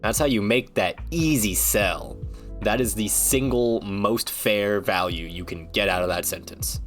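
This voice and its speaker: A man's voice: fairly low pitch, measured pace, faint music behind. A man streaming, ranting casually in a rambling, joking, foul-mouthed way. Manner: rambling, profane, joking rants.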